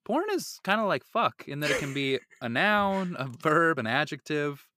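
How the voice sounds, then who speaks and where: A man co-hosting a comic podcast, an animated and joking storyteller with crude humor. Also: fairly high pitch, normal speed, no echo, clean studio sound. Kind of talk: casual podcast banter.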